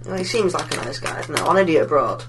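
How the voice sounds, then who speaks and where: Giggly rambling podcaster. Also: male voice, on the high side, expressive, very fast, crowd noise, low-quality recording. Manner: rambling, laughs a lot, does silly voices. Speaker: podcast co-host. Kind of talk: casual chat.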